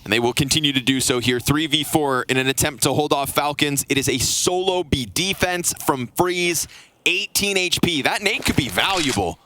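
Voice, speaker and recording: A man doing live play-by-play esports commentary, with rapid calls that build to shouts at big plays. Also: fairly high pitch, expressive, slight background noise.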